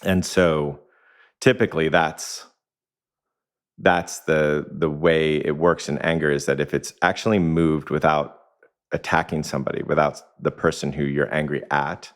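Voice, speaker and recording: A man with an extremely deep, low voice speaks as a podcast guest. He explains his ideas reflectively, uses anecdotes as examples, and chuckles often. He is recorded in a home kitchen. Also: little pitch movement, unhurried. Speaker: executive coach, podcast guest. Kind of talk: conversational podcast interview.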